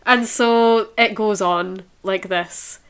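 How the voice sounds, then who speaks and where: Woman, casual book chat: amused, halting, mid-pitched. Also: steady tone, a bit bright, clear, resonant tone. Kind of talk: casual chat about a novel.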